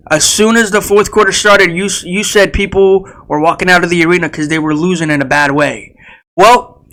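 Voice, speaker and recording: Bright-voiced young man rambling about basketball. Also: sits high, low-quality recording. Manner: rambling, with fillers and repeated phrases; speaks directly to players and fans. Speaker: sports video creator. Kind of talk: casual sports prediction talk.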